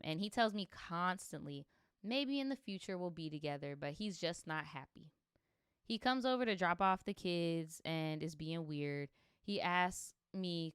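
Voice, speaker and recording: A young woman reads viewer stories on a livestream and breaks in with sassy, animated, profane reactions. Her voice sounds smooth and clear, and the sound is dry and close. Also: lowish voice, no echo. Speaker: streamer reading viewer stories. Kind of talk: livestream story reading with commentary.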